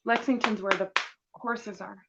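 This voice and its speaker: A woman co-hosting a casual livestream chat, chatty and quick to laugh, reading out viewer comments. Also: mid-range voice, fairly even intonation, vocal fry, lo-fi sound, very noisy.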